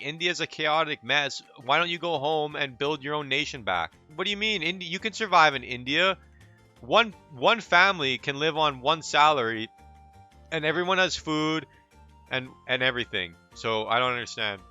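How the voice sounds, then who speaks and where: A man's voice: medium pitch, bright, forceful tone, highs cut off. A man giving casual ranting commentary in a blunt, profane way, often restarting his sentences. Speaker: commentary channel host.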